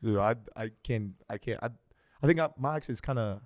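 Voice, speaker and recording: A man with a light Greek accent hosts a relaxed sit-down chat, teasing his guest and doubling back on his words as he talks. His voice sits in a middle register. It is recorded close and dry, with no room sound. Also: medium pitch, fairly quick, dry recording. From Greece. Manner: playful, teasing, repeats and restarts words. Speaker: host. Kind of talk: casual interview chat.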